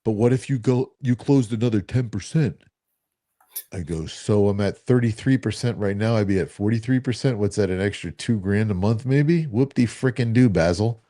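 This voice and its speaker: A man co-hosting a casual talk show, telling stories with animated acted-out quotes. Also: fairly low pitch, moderate pace. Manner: animated, acts out quoted dialogue. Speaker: co-host. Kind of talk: casual storytelling chat.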